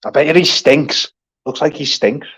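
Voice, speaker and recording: A man's voice: on the high side, measured pace, a bit bright, husky. A man co-hosting a podcast, chatting casually with blunt, terse remarks. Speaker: podcast co-host. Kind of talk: casual political chat.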